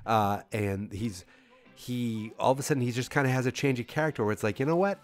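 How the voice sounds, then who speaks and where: A man's voice: mid-range voice, brisk, faint music behind. A man hosting a podcast, recapping casually in a rambling way with many fillers and restarts. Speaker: podcast host.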